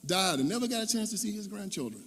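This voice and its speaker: A man's voice: sits high, animated, quick pace, fairly bright tone, slightly rough, long reverb tail, pitched above the performer's own voice, full character voice. A man voicing his devout older mother as she scolds her son with emphatic, preaching rebukes. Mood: scolding.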